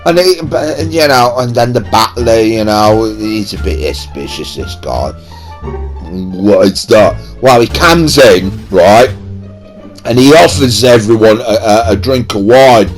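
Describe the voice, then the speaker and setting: A man's voice: fairly low pitch, lively intonation, a little slow, faint music behind. A young man rambling through a casual film recap in a chatty, slangy way. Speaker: video creator.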